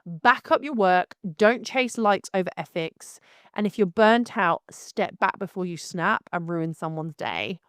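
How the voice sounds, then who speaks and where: A woman wedding photographer telling a story and ranting to camera in a lively, exclaiming way. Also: fairly low pitch, measured pace, no echo, studio quality. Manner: animated, exclaiming, laughs through the story. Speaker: wedding photographer, channel host. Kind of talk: casual storytelling and rant to camera.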